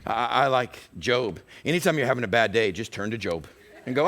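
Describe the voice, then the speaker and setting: A man's voice: medium pitch, brisk. A male pastor delivering a sermon, telling stories animatedly and acting out quotes. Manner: animated storytelling with acted-out quotes.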